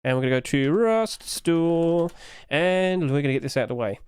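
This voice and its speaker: A man's voice: a little high, animated, moderate pace, a little mellow, clean tone, no echo. A man chatting casually to his live-stream audience, humming little filler noises as he clicks through pages.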